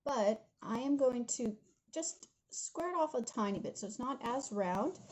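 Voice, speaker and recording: A young woman with a slightly high voice leads a drawing tutorial from her home studio. She talks viewers through each step in a chatty, giggly way. A faint hiss of background noise sits under her voice. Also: lively intonation, a little slow, darkish tone, rough recording. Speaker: art instructor.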